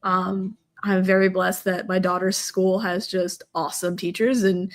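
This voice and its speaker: A woman's voice: on the low side, little pitch movement, unhurried. Rambling woman guest. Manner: rambling, hesitant, with many fillers. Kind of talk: casual chat.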